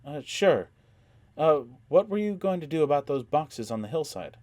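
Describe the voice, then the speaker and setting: A man's voice: on the high side, sing-song, normal speed, darkish tone, dry recording, voice pushed up. A man putting on a flustered young woman mage. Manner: hesitant, slightly whiny. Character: nervous young woman mage, new player.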